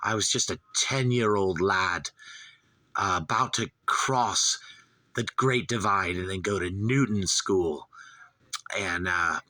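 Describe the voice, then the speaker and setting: A man's voice: low voice, slow, pushed and bright, dry recording. A man in his fifties from Southern California, hosting a rambling, profane, gushing album review. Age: 50s. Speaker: host.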